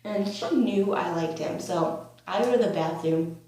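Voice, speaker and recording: Young woman, teens, storytime vlog, rambling and excitable, very echoey room. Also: lowish voice, measured pace. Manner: rambling, filler-heavy, bursts of excitement. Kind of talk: storytime vlog, casual chat. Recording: very echoey room, faint hum.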